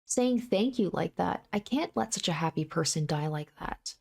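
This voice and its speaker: A woman voicing a tearful, guilt-ridden young woman, reading a visual novel aloud in a higher, pleading voice. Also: animated, normal speed, creaky, a little mellow, slightly rough, heavily acted. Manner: higher, sobbing, pleading delivery.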